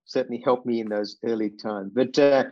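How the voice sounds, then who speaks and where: A man's voice: mid-range voice, fairly even intonation, a little fast, a little mellow, no room sound, lo-fi sound. A man in his sixties who grew up in England, a podcast guest earnestly recounting his childhood with many fillers and restarts. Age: 60s. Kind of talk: reflective personal storytelling.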